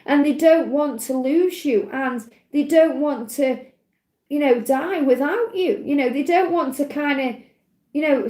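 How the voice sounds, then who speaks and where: A woman's voice: high voice, a little mellow, reverberant. A woman giving an earnest, emotional live tarot reading, often saying "you know" and "okay". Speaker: tarot reader. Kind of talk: live-streamed spiritual card reading.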